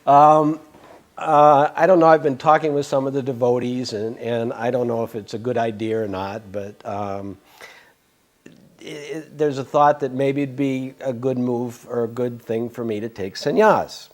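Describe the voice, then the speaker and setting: A man's voice: medium pitch, steady tone, unhurried. An older man in a casual interview, telling a long personal story with many fillers, restarts and chuckles. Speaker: devotee sharing memories.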